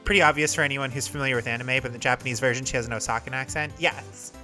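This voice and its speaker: A woman's voice: a bass voice, steady tone, very fast, pushed and bright, faint music behind. A woman streamer giving casual, chatty commentary over a game. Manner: chatty, self-deprecating.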